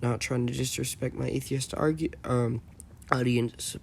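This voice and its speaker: A man's voice: medium pitch, fairly even intonation, measured pace, gravelly, a little hiss or hum. A man talking over screenshots in a rambling, mocking, self-assured commentary voice-over. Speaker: channel host.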